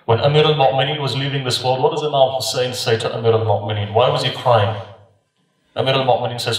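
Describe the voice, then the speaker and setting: A man's voice: mid-range voice, fairly even intonation, fast. A man giving an impassioned sermon at a mourning gathering, with rhythmic repeated refrains and emphatic rises and drops. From United Kingdom. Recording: very echoey, voice from a distance.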